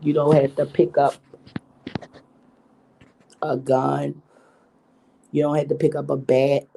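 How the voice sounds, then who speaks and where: A woman's voice: sits low, little pitch movement, slow, vocal fry, dark tone, slight background noise. A middle-aged woman vlogging a candid story, with profane, emphatic and preachy talk.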